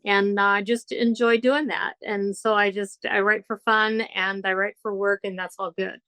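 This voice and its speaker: A woman's voice: mid-range voice, level tone, normal speed, a bit bright, clean tone, no echo, poor audio. A woman born in the United Kingdom, a trial lawyer telling stories as a guest in a casual interview. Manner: chatty storyteller, acts out quoted voices.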